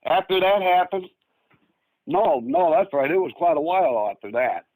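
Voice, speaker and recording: A man's voice: high voice, animated, moderate pace, creaky, a little mellow, no echo, poor audio. A man of about sixty from Northern Michigan, telling a long story as a guest in a rambling, casual way with many restarts. He acts out the lines of the people in his story. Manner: rambling, full of restarts, acts out quoted speech.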